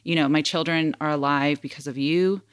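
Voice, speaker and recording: A woman's voice: sits low, steady tone, brisk, smooth, dry recording. A woman co-hosting a podcast interview, speaking earnestly and heartfelt, close to tears. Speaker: podcast co-host.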